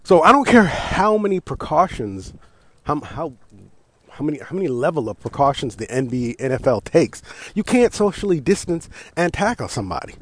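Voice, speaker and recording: A man's voice: on the high side, normal speed, no echo. Profane, rambling American man ranting on sports. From United States. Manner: loose, swearing, laughs and restarts, animated outbursts. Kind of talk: casual profane sports rant.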